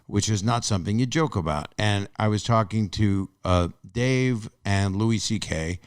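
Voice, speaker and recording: A man's voice: lowish voice, measured pace, smooth, dry recording, clean studio sound. An older man hosting a podcast in casual chat, rambling and restarting his sentences as he tells his own stories. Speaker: podcast host.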